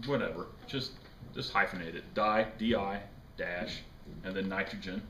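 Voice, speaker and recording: A man's voice: lowish voice, expressive, normal speed, sharp tone. A man teaching a chemistry class, lecturing casually, joking and quizzing his students. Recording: echoey classroom with faint noise.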